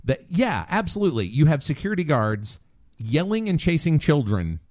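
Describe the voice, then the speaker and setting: A man co-hosting a casual podcast discussion, talking in an animated and opinionated way with jokes mixed in. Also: on the high side, normal speed, no echo, studio quality. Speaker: podcast co-host.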